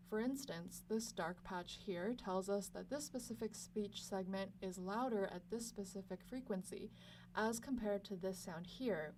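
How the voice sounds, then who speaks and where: Young woman calmly explaining speech science. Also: medium pitch. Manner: clear, measured explanatory delivery. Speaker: lab student presenter. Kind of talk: scripted educational narration. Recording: slightly distant mic with faint hum.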